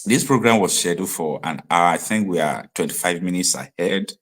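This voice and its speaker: A man from Nigeria hosts a live online show, giving commentary. His low voice turns animated and rises into emphatic outbursts. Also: a little fast.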